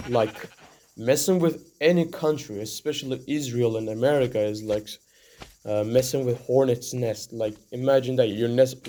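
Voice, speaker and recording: A man's voice: mid-range voice, dark tone, slight background noise. A young man from Iran giving a rambling, earnest opinion monologue to the camera, full of "like" and "you know". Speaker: vlogger.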